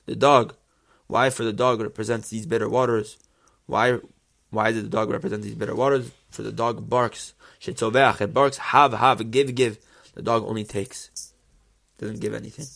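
Man, Torah teacher, mid-pitched voice, reads Hebrew then translates, asks and answers his own questions. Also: fairly even intonation, moderate pace, creaky. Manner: poses rhetorical questions and answers them. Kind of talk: religious text lesson.

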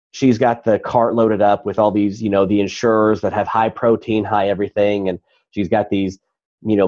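A man's voice: on the low side, dark tone, muffled recording. A man, a guest on a talk show, earnestly telling a personal story in conversation.

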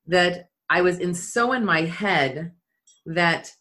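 Middle-aged woman, speaker and athlete, candid storytelling, lowish voice, jumps high when quoting. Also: slow. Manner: animated storyteller acting out quotes in a high voice. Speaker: skydiving athlete and leadership speaker. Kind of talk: storytelling in conversation.

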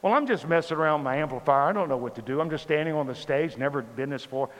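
A man telling a funny personal story from the pulpit in a sermon, animated and comic. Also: a little high, quick pace. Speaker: pastor. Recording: reverberant hall with faint ambience.

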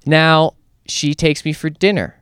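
A man's voice: a little high, measured pace, smooth, dry recording, clean studio sound. Canadian man telling a story on a podcast. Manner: animated, acts out quoted voices. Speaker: podcast co-host. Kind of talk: casual comedic storytelling.

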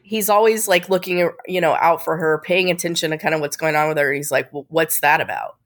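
A woman's voice: lowish voice, fairly even intonation, brisk. A woman co-hosting a casual TV recap podcast, laughing often and adding thoughtful asides. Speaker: co-host.

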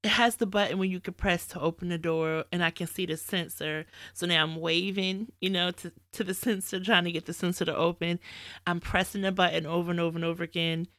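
A woman with a lowish voice talks candidly about faith, telling a personal story in a lively, conversational way. The sound is dry and close, with almost no room around her. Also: fairly quick, no room sound. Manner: candid, animated retelling with quoted asides. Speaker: podcast host. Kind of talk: casual faith talk, storytelling.

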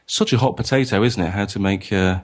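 Male co-host, lower voice, musing and halting, casual chat. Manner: thoughtful, hesitant, many ums. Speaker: podcast co-host.

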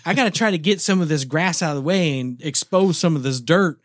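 Middle-aged guy on a podcast, animated story, cussing, acts out yelling, dead dry mic. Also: on the high side, brisk, dry recording. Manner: animated, swearing, acts out his own shouts. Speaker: podcast co-host. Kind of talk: casual storytelling chat.

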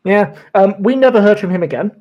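A man's voice: high voice, expressive, fast talker, dull audio. A man, a former lawyer, telling stories as a podcast guest in a chatty style, swearing and laughing often. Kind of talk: casual chat, storytelling.

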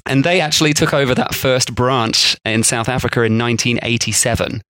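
An English male podcast co-host speaks fairly quickly in a medium-pitched, bright, forceful voice. His casual chat is rambling and full of asides and frequent laughs, captured in a dry, close recording.

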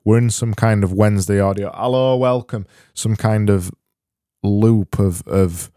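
A man hosting a solo comedy podcast, rambling deadpan and often stopping to correct himself. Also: lowish voice, measured pace, dry recording, clean studio sound. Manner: rambling, self-interrupting, deadpan. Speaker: podcast host.

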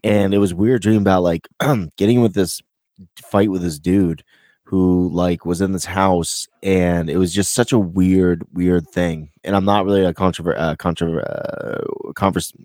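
Low-voiced rambling American man. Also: steady tone, a little slow, mellow, no echo. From United States. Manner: rambling, heavy on "like" and swearing. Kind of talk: casual chat.

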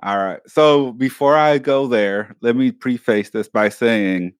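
A man co-hosting a podcast, chatting casually and telling lively stories about his family. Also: mid-range voice, unhurried, clean tone, no room sound, studio quality. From Mexican family background. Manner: animated storyteller, mimics his mother yelling. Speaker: podcast co-host. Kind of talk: casual chat.

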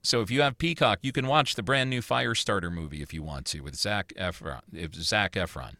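A man hosts a casual chat, ranting in a loose, swearing way. His voice sits fairly low but comes across bright and forceful. The sound is dry and close. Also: fairly quick, no room sound. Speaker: podcast host.

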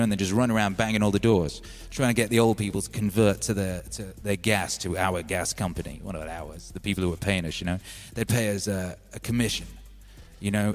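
A man with a British accent hosting a music stream, telling stories in a rambling, casual way full of "you know". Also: on the low side. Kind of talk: casual storytelling.

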